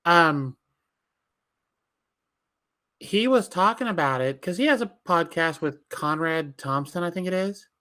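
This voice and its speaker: A man co-hosting a podcast, giving animated, opinionated wrestling takes and swearing freely. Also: a little high, unhurried, pauses often. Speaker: podcast co-host. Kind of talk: casual wrestling recap chat.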